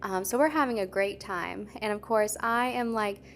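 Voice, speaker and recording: A woman's voice: medium pitch, moderate pace, slight background noise. A young adult woman, a podcast co-host, telling a story in casual chat, full of "like" fillers. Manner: chatty, lots of "like" fillers.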